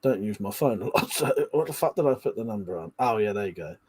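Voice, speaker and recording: A British man with a lowish, animated voice that is a little mellow and slightly rough talks fast while hosting a casual live stream. He's chatty, swears freely and reads out viewer comments.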